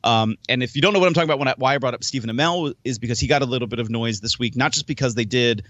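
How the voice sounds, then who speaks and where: A man chats casually on a podcast and rambles through his stories, often restarting and acting out his own thoughts. His voice sits at a middling pitch. The audio is dry and a bit dull. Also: rapid-fire, a bit bright, no room sound. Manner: rambling, many restarts and quoted self-talk. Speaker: podcast host; wrestler and promoter. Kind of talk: casual chat.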